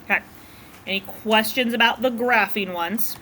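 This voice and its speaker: A woman's voice: a little high, moderate pace, pushed and bright, a little hiss or hum. A woman teaching a math class, explaining graphing in a casual, chatty way to her students in a classroom. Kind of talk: classroom lecture.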